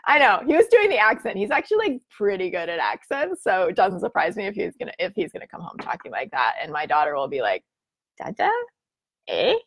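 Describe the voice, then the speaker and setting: A woman's voice: fairly low pitch, very animated, fast talker, few pauses, fairly bright tone. A woman in her thirties hosting a casual livestream, chatting eagerly and reading out viewer comments with lots of fillers. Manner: bubbly, chatty, filler-heavy. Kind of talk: casual live-stream chat.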